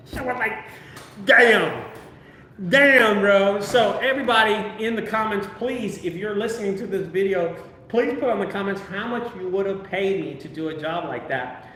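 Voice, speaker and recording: A man telling a casual, profane, animated story about his junk removal business. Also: a little high, slight background noise. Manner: animated, profane, acts out quoted voices. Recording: echoey room, far from mic.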